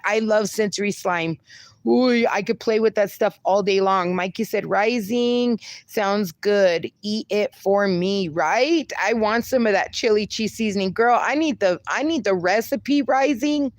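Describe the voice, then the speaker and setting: A woman's voice: medium pitch, a little slow, no echo. A woman hosting a casual livestream, reading viewer comments aloud and teasing them with frequent laughter. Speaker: livestream host reading chat. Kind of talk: casual live chat.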